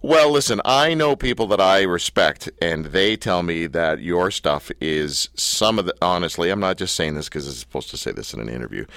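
A man's voice: low-pitched, lively intonation, normal speed, hardly any pauses, fairly bright tone, no echo. A man hosting an interview, joking and self-deprecating with rambling questions. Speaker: interview host. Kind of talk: casual interview chat.

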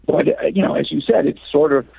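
A man's voice: a little high, animated, fairly quick, creaky, husky, dry recording. A man from the United States, an author talking through a radio interview with many fillers and restarts. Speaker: author guest. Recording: tinny phone line.

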